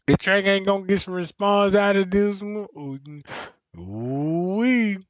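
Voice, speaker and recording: A man doing casual reaction commentary on a stream, mocking and roasting with profane, loud jokes. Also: sits high, a little slow, clean tone, dry recording, highs cut off.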